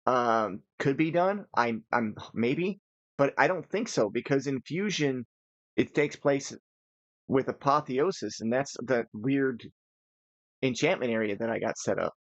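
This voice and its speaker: A man's voice: mid-range voice, lively intonation, unhurried, no echo, muffled recording. A tired man giving casual, rambling commentary while playing a modded building game, thinking aloud as he goes. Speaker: gaming channel host.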